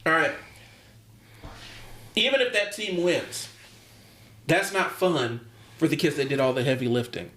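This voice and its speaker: A man's voice: fairly high pitch, unhurried, pauses often, sharp tone. Chatty man with a roomy echo. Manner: rambling, chuckles, many ums and restarts. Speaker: podcast co-host, basketball coach. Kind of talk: casual podcast chat.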